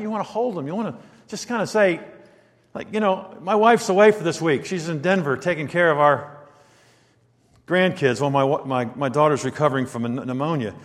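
An older man preaching a sermon, telling stories in a relaxed conversational way and acting out quotes. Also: sits high, long reverb tail. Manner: conversational storytelling with acted quotes. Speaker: pastor.

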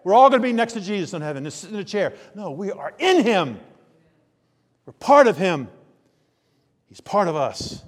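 A man preaching a sermon, telling homely stories with emphatic, drawn-out phrases. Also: high voice, big pitch swings. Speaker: pastor. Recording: long reverb of a large hall.

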